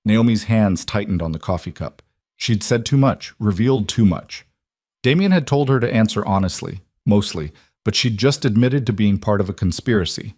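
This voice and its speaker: A man reading a dramatic crime story as scripted narration, with a steady storytelling delivery. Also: fairly low pitch, moderate pace, no room sound, studio quality.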